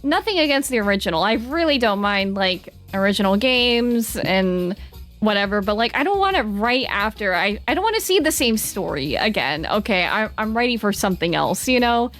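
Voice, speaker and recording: A woman's voice: mid-range voice, animated, normal speed, a bit bright, faint music behind. A young woman with a Southern American accent, chatting casually with her live-stream chat in a bubbly, dramatic way. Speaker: VTuber streamer reading chat.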